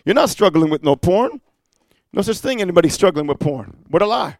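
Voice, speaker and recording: A middle-aged preacher man with a high voice, heard close and dry with no room around him. He tells his stories in a low murmur, then climbs into loud, pressing exhortation, peppering his lines with "amen" and "huh?". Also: lively intonation, a little fast, no room sound. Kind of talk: fiery sermon.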